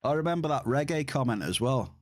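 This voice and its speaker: Male game streamer, easygoing chat to viewers, medium pitch. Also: animated, fairly quick. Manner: chatty, addresses chat directly. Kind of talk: casual live-stream chat while gaming.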